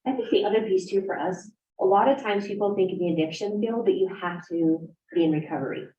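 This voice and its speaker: A woman's voice: medium pitch, fast, mellow, slight background noise. A woman instructor speaking frankly and conversationally on a panel at a career event. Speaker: graduate program instructor. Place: university event room. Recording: distant, echoey, dull room recording.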